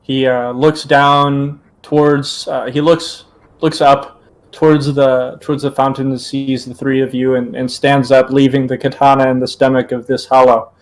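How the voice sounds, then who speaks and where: A man's voice: mid-range voice, flat delivery, normal speed, poor audio. A man narrating a tabletop game as game master, hesitant with many fillers.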